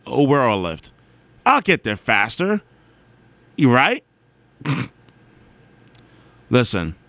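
A young man telling a long everyday story in a casual, animated way, exasperated and self-mocking, with lots of "like" and "you know.". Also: medium pitch, no room sound.

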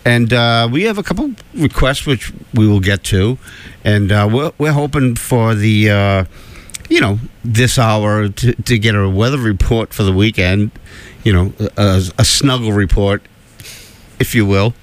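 A man's voice: fairly low pitch, expressive, a little slow. A man hosting a radio show in casual, rambling chat, full of fillers and laughter.

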